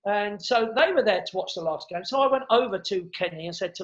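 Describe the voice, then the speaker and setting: A middle-aged man, a comedian, telling stories in a casual interview, animated and quick to repeat words and act out what others said. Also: sits high. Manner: animated storyteller who acts out quotes and repeats words. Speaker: comedian guest. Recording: dull lo-fi sound.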